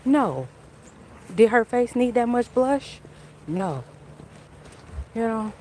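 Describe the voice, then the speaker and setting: Out on a walk, a chatty woman livestreams a casual vlog, greeting viewers and answering their comments in an animated way. Her voice is a little high and slow, with a little hiss or hum in the background.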